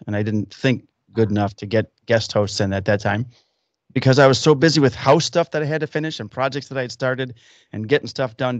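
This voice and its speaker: A man's voice: lowish voice, no room sound, highs cut off. A man in his fifties hosting a podcast, chatting casually and telling rambling anecdotes full of acted-out quotes from other people. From Illinois. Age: 50s. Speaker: podcast host. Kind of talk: casual storytelling chat. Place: home workshop basement.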